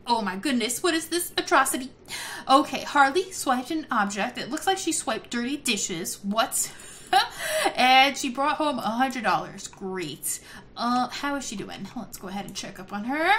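A woman hosting a let's-play video, giving excitable casual commentary, gasping and laughing often. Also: a little high, unhurried, slight background noise. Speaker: gaming video host.

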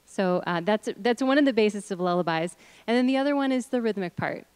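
A middle-aged woman guides a group through a hands-on voice workshop, encouraging everyone and breaking into hums and chanted syllables to demonstrate. Her pitch sits in an ordinary middle range. The sound is close and dry, with no room around it. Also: expressive, brisk, a little mellow, smooth, no room sound. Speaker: workshop leader. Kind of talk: leading an audience in voice exercises.

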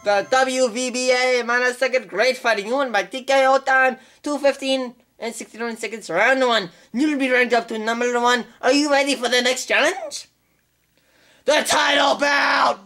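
A young woman giving casual gameplay commentary on her channel, excitable and trash-talking the opponents. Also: fairly high pitch, normal speed, hardly any pauses. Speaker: gaming channel host.

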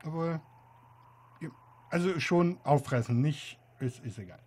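A man giving amused, halting commentary while playing a game. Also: fairly high pitch, lively intonation, darkish tone. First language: German. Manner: amused, halting, many fillers. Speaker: let's player. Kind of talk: casual gameplay commentary.

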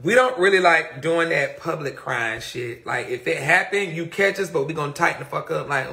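A man's voice: fairly high pitch, moderate pace, creaky, few pauses, sharp tone. A man hosting a livestream rant, blunt and profane, reading chat comments aloud between points, speaking into a phone. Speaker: livestream host.

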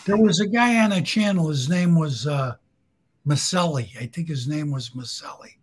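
Man, husky voice, slightly high pitch, casual storyteller, blunt, swears freely. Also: moderate pace. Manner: blunt, swearing, laughs at his own stories. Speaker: guest storyteller.

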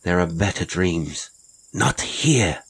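A man voicing a weary, haunted castaway woman with a grave, slow voice. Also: low-pitched, lively intonation, creaky, fairly bright tone, a little hiss or hum, heavily acted. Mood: pleading.

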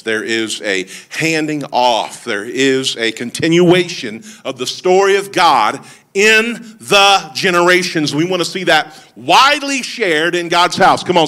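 Preaching at a church service, this lead pastor has a bright, forceful voice on the high side. He tells stories sprinkled with humor and calls out to the congregation for responses.

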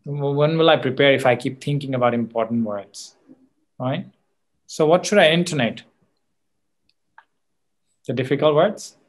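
A man's voice: mid-range voice, normal speed, long pauses. A man teaching an exam coaching class in a classroom, with an Australian accent, emphatic, checking in with students often and correcting himself mid-sentence. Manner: frequent fillers and self-corrections. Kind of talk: classroom lecture.

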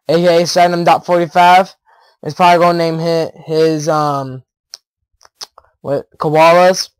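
A teenage boy chatters through his gameplay in a rambling, excitable way, breaking into giggles and sudden yelps. His voice sits high for a young man. He speaks into a headset mic, and the sound is close and dry with no room echo. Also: smooth. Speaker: gaming YouTuber. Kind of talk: casual gameplay commentary.

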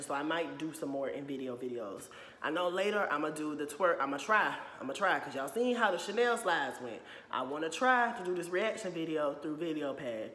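Recorded in an echoey room with long reverb and a little hiss or hum, a young man vents in a casual opinion vlog. This young adult YouTuber has a sharp tone on the high side, is blunt and profane, and says "you know what I'm saying" again and again.

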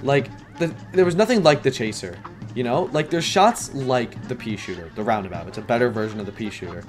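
A man giving rambling live gameplay commentary, excitable and prone to yelling when things get stressful. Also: mid-range voice, a little fast, soft background music. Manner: rambling, filler-heavy. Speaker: gaming YouTuber.

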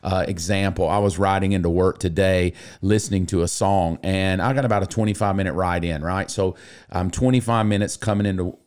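A middle-aged man who is a pastor, reading scripture and then chatting in an animated, joking way. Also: low-pitched, a little fast, smooth. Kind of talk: casual podcast chat and scripture reading.

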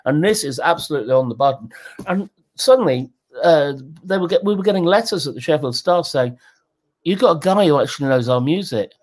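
A man in his sixties, a guest telling candid, animated stories in a conversational interview. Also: a little fast. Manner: animated, jumps in pitch, acts out quotes.

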